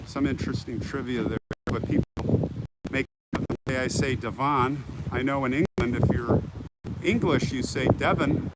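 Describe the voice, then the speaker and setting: A man's voice: medium pitch, normal speed. Older American man on a noisy livestream. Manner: rambling, chatty, reads viewer comments aloud. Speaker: livestream host. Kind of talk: live walking tour commentary. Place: outdoors in a cemetery. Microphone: phone on a live stream. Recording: harsh noisy live-stream audio.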